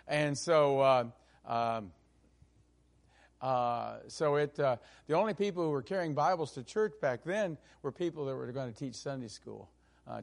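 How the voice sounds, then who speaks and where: Man, pastor, sermon, gravelly voice, emphatic slow stresses, fillers. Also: mid-range voice.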